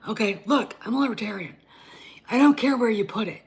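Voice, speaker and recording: A woman's voice: on the high side, fairly quick, gravelly, breathy edge. A woman hosting her own show, ranting bluntly and combatively, often swearing and restarting her sentences. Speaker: host. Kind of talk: opinion rant.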